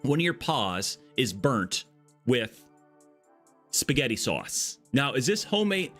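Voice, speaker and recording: A man's voice: medium pitch, very animated, slow pace, fairly bright tone, soft background music. A man streaming a game live, chatty and jokey, greeting and thanking his viewers. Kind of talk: live-stream chat while playing.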